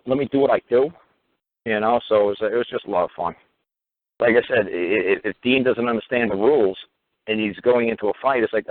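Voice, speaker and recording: A man telling courtroom stories in a casual radio monologue, swearing freely and acting out both sides of each exchange. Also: on the low side. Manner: profane, animated storytelling, acting out court exchanges. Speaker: radio talk show host. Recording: tinny phone-line radio audio.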